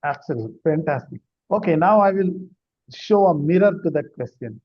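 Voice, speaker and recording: A man hosts an interview, affirming his guest with quick agreements before posing questions. His voice sits fairly high and comes across slightly husky. The audio is dull and lo-fi. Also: lively intonation. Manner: affirming, frequent short agreements. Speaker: podcast host.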